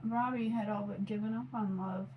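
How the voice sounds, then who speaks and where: A woman's voice: mid-range voice, steady tone, moderate pace, narrow, tinny audio, slight background noise. A woman in her forties chatting casually on her phone camera while doing her makeup, rambling with lots of fillers. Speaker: mom vlogger.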